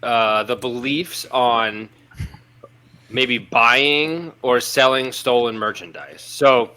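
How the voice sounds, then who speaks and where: A man's voice: mid-range voice, slow, bright, forceful tone, smooth. A man co-hosting a casual podcast, laying out hypothetical questions in a rambling, hesitant way. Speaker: podcast co-host.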